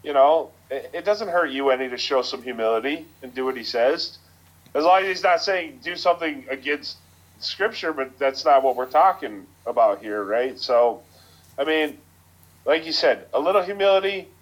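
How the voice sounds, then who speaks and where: A man's voice: medium pitch, lively intonation, moderate pace, lo-fi sound. A man co-hosting a podcast, talking earnestly and plainly in casual chat.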